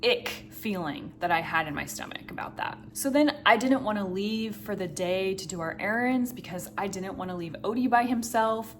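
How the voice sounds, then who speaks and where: A woman in her thirties speaks straight to her camera, her voice rising and falling a great deal as she tells a personal story. She is candid and emotional, with a wry sense of humor. Her pitch sits in the middle for a woman. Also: slight background noise. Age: 30s. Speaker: vlogger. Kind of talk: confessional vlog monologue.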